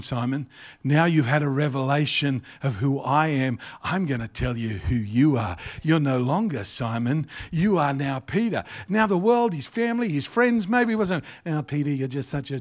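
A middle-aged man with an Australian accent preaching a sermon, animated and jokey, acting out little asides. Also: mid-range voice. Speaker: pastor.

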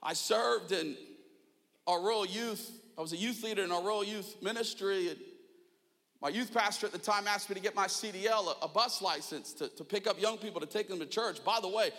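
A young man preaching a sermon, telling a funny personal story with self-mocking animation and shouted asides in a church auditorium. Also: sits high, brisk. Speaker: pastor. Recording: long hall reverb.

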